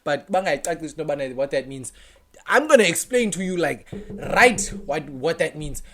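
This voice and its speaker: A young man with a Xhosa South African accent, talking through a casual, animated opinion vlog, often switching languages in mid-sentence and laughing as he goes. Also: on the high side, brisk, a little hiss or hum. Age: young adult. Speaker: vlogger.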